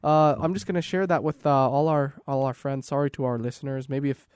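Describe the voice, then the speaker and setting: A man's voice: medium pitch, a little fast, clean tone, dry recording. Chatty man in his twenties, dry studio sound. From Canada. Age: 20s. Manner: joking, animated storytelling. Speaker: podcast co-host. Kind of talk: casual chat.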